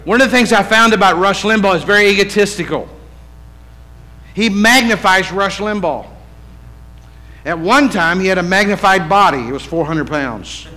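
A man preaching a sermon as pastor in his church, conversational, swinging from loud emphatic lines to hushed, low ones. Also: moderate pace, low-quality recording.

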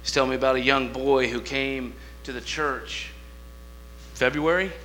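A man preaching a sermon with passion, swinging between shouting and hushed asides, acting out dialogue in different voices. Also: medium pitch, steady tone, moderate pace. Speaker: guest preacher. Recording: mains hum behind the voice.

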